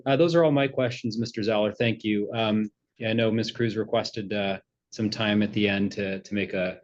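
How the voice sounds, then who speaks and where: Low-voiced halting male judge. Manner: halting, many fillers. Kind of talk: courtroom questioning. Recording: muffled lo-fi audio.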